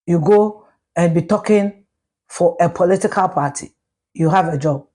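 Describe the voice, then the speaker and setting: A woman's voice: on the low side, moderate pace, dark tone. A middle-aged woman with a Ghanaian accent, ranting bluntly and profanely on a live stream, switching between Twi and English. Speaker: social media commentator.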